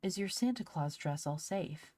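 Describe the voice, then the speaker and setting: A woman's voice: low-pitched, lively intonation, moderate pace, warm tone, no echo. A woman voicing Polly, an eager, anxious girl and big sister, in a storybook reading. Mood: fretful. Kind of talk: audiobook character voice.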